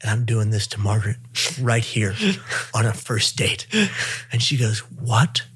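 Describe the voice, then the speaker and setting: A man, a podcast guest, telling a comic story in an animated way and slipping into other characters' voices. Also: on the low side, normal speed, husky.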